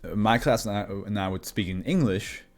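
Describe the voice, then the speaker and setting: Speaking fairly quickly and at a fairly low pitch, this channel host is a native Swiss German speaker from Switzerland. He reads horror fiction files out loud, but keeps drifting into rambling asides full of laughter.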